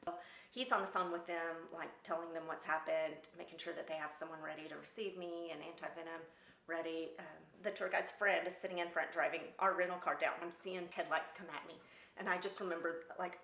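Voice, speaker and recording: A middle-aged woman telling her own story in casual talk, lively and laughing between lines. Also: low-pitched, a little fast, vocal fry. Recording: roomy echo.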